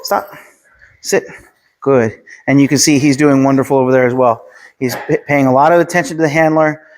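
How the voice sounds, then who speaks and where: A man working as a dog trainer, calmly explaining his methods and giving short commands and praise to a dog. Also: mid-range voice, fairly quick. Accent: Pennsylvania. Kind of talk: instructional dog training video.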